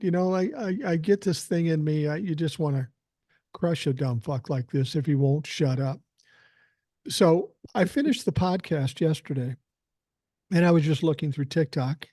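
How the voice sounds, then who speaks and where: A man's voice: a little high, mellow, dry recording, clean studio sound. An older man hosting a podcast, telling a story in a blunt, profane, combative way. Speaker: podcast host. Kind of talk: casual storytelling chat.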